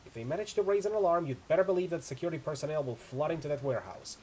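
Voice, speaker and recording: A tough, brisk mercenary woman, as a man puts her on in a game reading, barking short urgent orders. The voice sits high and loud above the reader's usual tone, with lively swings in pitch. Soft ambience hums behind it. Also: slight background noise, lightly acted, rough recording. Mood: urgent, commanding. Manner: urgent, clipped orders, raised to carry.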